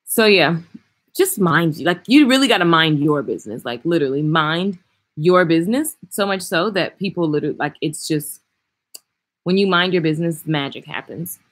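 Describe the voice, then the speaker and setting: Woman vlogger, lowish pitch, blunt and chatty, answering comments live; loud bursts then quiet asides. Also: normal speed. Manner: frank, chatty, animated with swings in loudness. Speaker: hairstylist and vlogger. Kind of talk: casual livestream chat reading viewer comments. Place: traveling, indoors.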